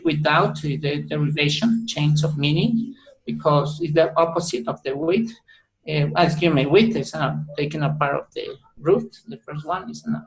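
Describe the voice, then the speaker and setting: A male student with a mother tongue, presenting in a class over a video call. He talks haltingly, full of fillers and self-corrections. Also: fairly high pitch, gravelly, poor audio. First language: Spanish.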